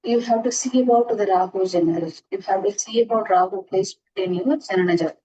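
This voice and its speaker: A woman's voice: medium pitch, fast talker, mellow, husky, dull audio. A woman teaching astrology in an earnest lecture, restarting and repeating herself often as she explains. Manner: earnest, repetitive, frequent restarts. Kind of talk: classroom lecture.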